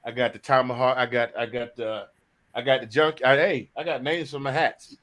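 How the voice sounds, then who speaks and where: A chatty man hosting a sports talk stream, joking around and repeating himself as he talks. His voice is bright and forward, and the sound is dry and close to the mic. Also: mid-range voice, fairly even intonation, moderate pace, no room sound. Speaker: show host. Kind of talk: casual sports talk show.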